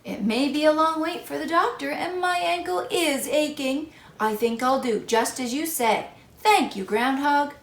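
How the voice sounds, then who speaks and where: A woman's voice: high-pitched, a little slow, reverberant, pitched above the performer's own voice. A woman reading a storybook aloud and voicing a female goose with a sprained ankle, in a plaintive, polite tone. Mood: aching, grateful.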